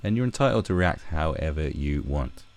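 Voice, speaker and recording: Deep-voiced British man ranting on a livestream. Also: lively intonation, moderate pace, darkish tone. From Britain. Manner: sweary, exasperated, reads articles aloud and riffs on them. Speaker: livestream host. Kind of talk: casual ranting commentary. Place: home, fiddling with a screwdriver.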